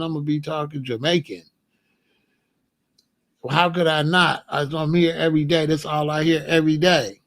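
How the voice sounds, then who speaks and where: A Chicago man with a somewhat high voice hosts a casual commentary monologue, using loose slang, laughing often, and repeating his points. There's no echo.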